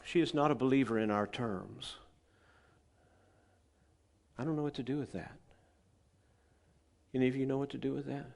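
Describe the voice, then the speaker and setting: A man's voice: medium pitch, steady tone, normal speed, gravelly, pauses often, a little mellow. A male pastor, telling stories in a chatty sermon and asking his congregation questions. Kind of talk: conversational sermon storytelling. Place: church gathering.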